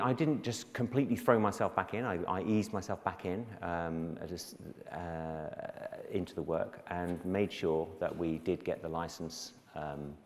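A man's voice: sits low, darkish tone, long reverb tail. A man giving a storytelling talk to a school in a self-deprecating, anecdotal way, acting out the voices of other people. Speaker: guest speaker.

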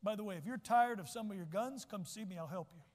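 Male pastor, folksy preaching, high voice, church echo, long reverb. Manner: folksy, joking asides, repeats points slowly. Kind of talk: sermon. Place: church sanctuary.

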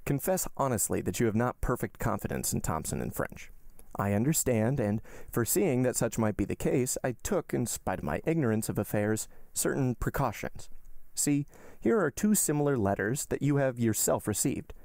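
A man reading aloud, voicing a suave, wealthy count who speaks in a smooth, unhurried, gentlemanly way. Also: medium pitch, sing-song, dry recording, clean studio sound. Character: suave wealthy male count, cool and commanding. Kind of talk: audiobook reading.

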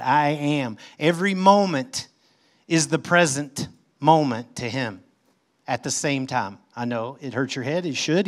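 Emphatic, conversational male pastor. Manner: conversational teaching, reads scripture aloud and explains it; emphatic swings in pitch and loudness. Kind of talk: sermon.

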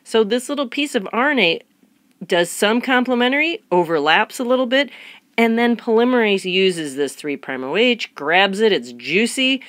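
A woman recording a biology tutorial lecture in a playful, chatty way. She fires off rhetorical questions, answers them herself, and puts on mock excitement. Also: on the low side, no room sound. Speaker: biology instructor.

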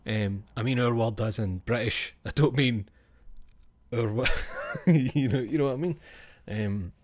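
A man's voice: medium pitch, unhurried, darkish tone. A Scottish man streaming, chatting casually with his viewers, blunt and freely swearing with chuckling asides. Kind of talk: casual chat with live chat.

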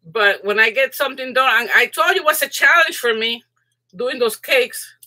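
Giggly, bright-voiced woman streaming live. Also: moderate pace. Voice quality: voice goes high when excited. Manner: excitable, giggly, chatty, talks to viewers in chat. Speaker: crafting channel host. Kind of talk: casual live stream chat.

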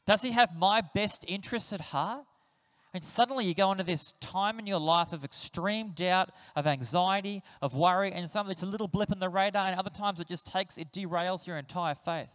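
A man preaching a sermon, telling stories in a lively way and acting out the voices of the people he quotes. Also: high-pitched, normal speed. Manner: animated storytelling, acts out quoted voices. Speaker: pastor. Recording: reverberant church hall.

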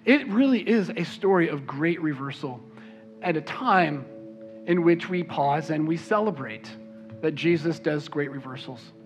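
A man's voice: on the high side, lively intonation, unhurried. A man preaching a sermon as pastor, emphatic and repeating words when he stresses a point. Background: soft worship music.

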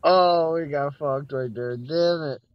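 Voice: medium pitch, slow pace, clean tone, muffled recording. A laid-back friend on voice chat during a multiplayer game, swearing freely and acting out little stories. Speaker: gaming friend. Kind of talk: casual gaming chat.

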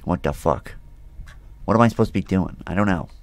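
Talking to himself through a horror game, this gaming host speaks fairly quickly in a low-sitting voice. He is jumpy, swears, and keeps breaking into nervous laughter in his casual commentary.

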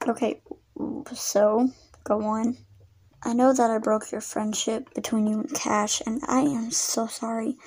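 A woman voicing characters in a toy animal roleplay video, soft-spoken and halting, often repeating words. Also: fairly high pitch, level tone, slightly rough.

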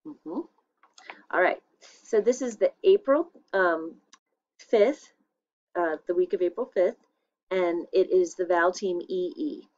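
A woman teacher dictates a spelling test for young children. She talks slowly and clearly, repeating each word and using it in a simple sentence. The recording sounds a little dull and lo-fi. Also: lowish voice, a little mellow.

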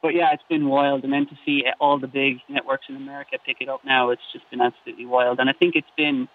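A man's voice: mid-range voice, little pitch movement, quick pace. An Irish man chatting as a guest on a phone interview, cheerful and self-deprecating. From Ireland. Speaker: guest commentator. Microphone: phone line. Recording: tinny dry phone line.

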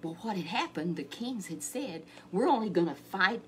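A woman's voice: medium pitch, expressive, moderate pace, a bit bright, a little hiss or hum. A woman telling a Bible story to a child in a chatty way, repeating words and asking questions.

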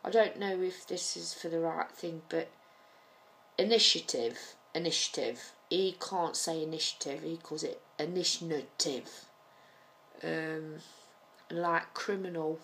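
A woman's voice: lowish voice, a bit bright. A woman from Nottingham with a Nottingham accent, chatting casually to camera in a rambling, hesitant way full of ums. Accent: Nottingham English. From Nottingham, England. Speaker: vlogger.

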